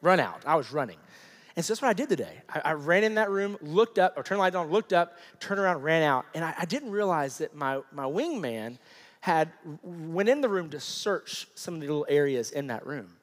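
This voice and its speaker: A man's voice: on the high side, big pitch swings, fairly quick. A man in his thirties preaching a sermon, telling a personal story and acting out the people in it. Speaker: pastor. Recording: long hall reverb.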